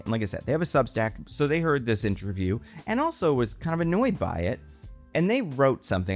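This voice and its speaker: A man in his thirties hosting a casual commentary video, talking in an animated, chatty way with lots of fillers. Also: fairly low pitch. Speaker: movie commentary host.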